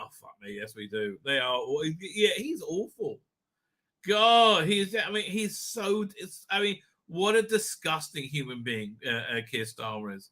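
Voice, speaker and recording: Middle-aged male stream host, higher-pitched, very sharp tone, rambling and profane. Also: lively intonation, measured pace. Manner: laughs often. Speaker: livestream host. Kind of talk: casual live chat.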